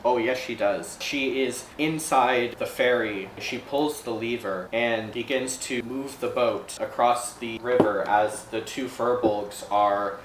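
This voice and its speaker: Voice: medium pitch, slow pace, hardly any pauses. Roomy-sounding game master narrating. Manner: calm, explanatory narration. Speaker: dungeon master. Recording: roomy echo, faint background noise.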